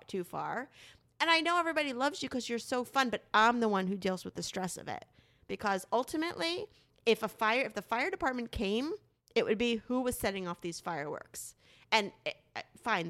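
Animated woman telling a story. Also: a little high. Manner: animated storytelling, frequent swearing. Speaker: podcast co-host. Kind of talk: casual chat.

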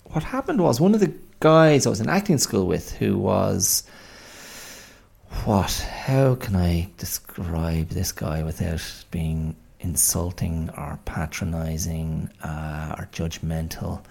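Deep gravelly man. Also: slow pace, darkish tone. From Ireland. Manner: rambling, self-deprecating, chatty asides. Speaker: podcast host. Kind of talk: casual monologue.

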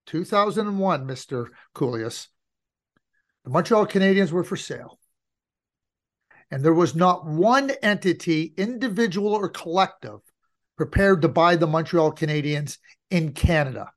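A middle-aged man co-hosting a casual hockey podcast, telling stories and repeating phrases for emphasis. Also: high-pitched. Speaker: podcast co-host.

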